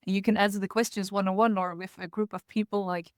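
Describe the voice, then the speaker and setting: A woman's voice: medium pitch, little pitch movement, quick pace, no room sound, studio quality. A woman co-hosting a podcast in casual chat, chatty and laughing often as she talks. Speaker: podcast co-host.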